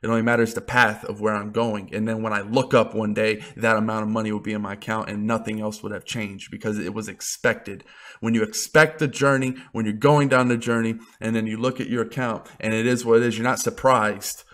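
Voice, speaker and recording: A man's voice: lowish voice, level tone, brisk, fairly bright tone. Blunt, profane man ranting to camera. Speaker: vlogger. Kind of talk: unscripted motivational rant.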